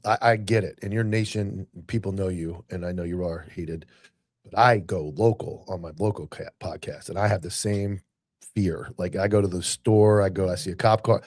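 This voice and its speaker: A man's voice: deep voice, fairly even intonation, normal speed, darkish tone, no echo. A man hosting a podcast, talking in a casual, rambling way with many restarts. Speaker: podcast host. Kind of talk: casual chat.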